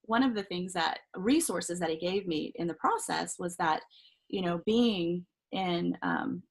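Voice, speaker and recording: A middle-aged woman from Southern California, a life coach guest on an interview show, telling a personal story in an animated, casual way, laughing often and acting out what others said. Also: on the low side, measured pace, vocal fry, slightly rough, poor audio.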